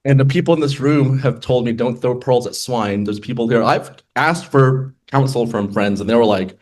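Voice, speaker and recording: An attorney shares his personal faith testimony at a group meeting, telling it casually, acting out quoted dialogue and adding many asides. His voice is medium-pitched and a little mellow, at a moderate pace.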